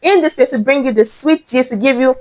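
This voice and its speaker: Young nigerian woman, fairly high voice, excitable, playful, repeats lines for emphasis, casual co-hosted chat. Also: a little fast. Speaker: host.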